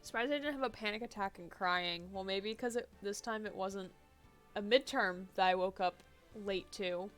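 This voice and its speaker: A woman's voice: mid-range voice, normal speed, faint music behind. A young woman streaming a game, chatting casually and laughing often. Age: young adult. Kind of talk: casual let's-play chat.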